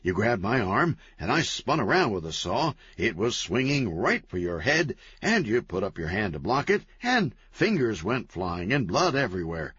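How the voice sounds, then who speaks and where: A man's voice: on the low side, big pitch swings, fairly bright tone, slightly rough, no echo, heavily acted. A man voicing a manic, chatty, cheerful antihero man who talks gleefully and wheedles. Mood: persuasive. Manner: gleeful, fast-talking, wheedling. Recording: dull, lo-fi, dry.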